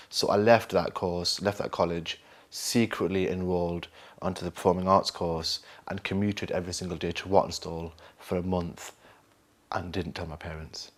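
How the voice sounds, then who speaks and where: Deep-voiced Northern English man, rambling. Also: steady tone, moderate pace. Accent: Northern English, Lancashire. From England, Burnley. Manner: rambling, self-mocking storyteller with laughs and mimicry. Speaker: actor interviewee. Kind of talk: unscripted interview.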